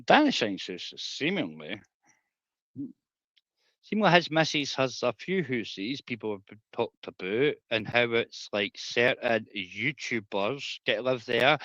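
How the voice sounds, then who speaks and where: A man's voice: medium pitch, sharp tone, no echo, dull audio. A man ranting on a livestream, rambling and conspiratorial, with crude language.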